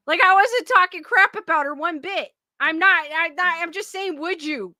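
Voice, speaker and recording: A woman's voice: very high-pitched, measured pace, sharp tone, no echo. A woman hosting a casual livestream, reading viewer comments aloud and answering them defensively, laughing often and restarting sentences. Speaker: livestream host reading chat.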